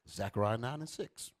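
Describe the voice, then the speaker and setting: A man preaching a fiery sermon, commanding a reader to read verses and then expounding them. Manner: swings from low and quiet to loud and high. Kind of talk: street sermon with scripture reading.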